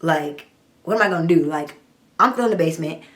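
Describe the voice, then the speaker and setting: A young adult woman, telling her own story in a blunt, profane, animated storytime monologue. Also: deep voice, fairly quick. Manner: blunt, profane, animated retelling with quoted dialogue.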